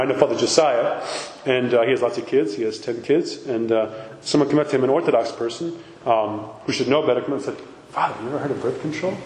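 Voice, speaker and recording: A man's voice: medium pitch, darkish tone. A man giving a conversational sermon as a priest, speaking emphatically and asking his listeners many rhetorical questions. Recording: echoey hall with faint background noise.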